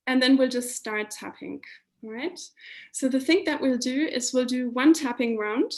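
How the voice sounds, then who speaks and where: A woman health and life coach, patiently explaining a technique in a guided coaching session over a video call. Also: sits high.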